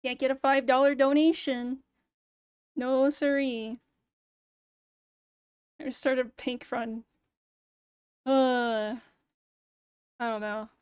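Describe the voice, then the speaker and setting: A woman's voice: high-pitched, little pitch movement, slow pace, pauses often, a little mellow, clean tone, no echo. A young woman streamer in casual livestream chat, ranting sarcastically and swearing freely into a close mic. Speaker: VTuber streamer.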